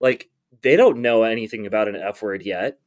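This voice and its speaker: A man's voice: lowish voice, normal speed. A man co-hosting a podcast, talking hesitantly with lots of fillers. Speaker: podcast co-host. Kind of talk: casual chat.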